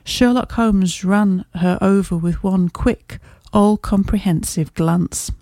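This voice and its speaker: A woman narrates a classic detective tale in a measured, even storytelling voice. Her tone is warm and mellow. The recording is close and dry, with no room sound. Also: mid-range voice, dry recording. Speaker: audiobook narrator. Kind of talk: scripted narration.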